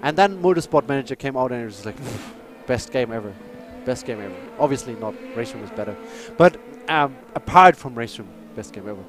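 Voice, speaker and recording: A man who speaks natively, chatting and commentating a live sim race, excitable and apologetic. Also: mid-range voice, brisk, few pauses. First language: German.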